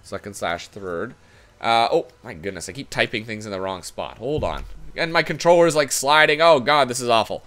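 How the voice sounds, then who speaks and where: A man's voice: mid-range voice, lively intonation, brisk, a bit bright. Chatty man thinking aloud over a game. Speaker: gaming YouTuber. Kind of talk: casual game commentary.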